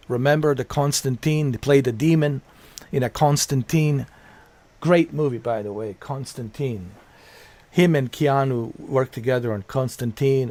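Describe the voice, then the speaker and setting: A male game streamer talks unhurriedly in casual live-stream chatter. He rambles, circles back to repeat himself and swears offhandedly. His voice sits at an ordinary middle pitch. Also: a little mellow, no echo.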